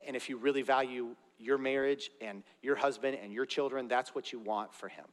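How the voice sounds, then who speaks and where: In a church sanctuary with the long reverb of a large hall, a man preaches as pastor. His mid-range voice keeps a steady tone and a moderate pace. He is earnest and direct, with conversational asides to the congregation.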